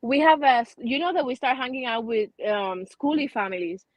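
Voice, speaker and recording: Woman host, casual storyteller, slightly high voice, dry close sound. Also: lively intonation, brisk, dry recording. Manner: chatty storytelling with many restarts. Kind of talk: casual chat.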